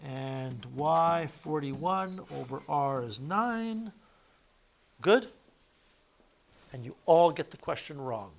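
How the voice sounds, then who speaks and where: A man with a slightly raised pitch teaches a math lesson in a classroom. He works through each step out loud and stops to fix his own slips. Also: animated, slow, long pauses. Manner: explains step by step, correcting himself aloud. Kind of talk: classroom lecture.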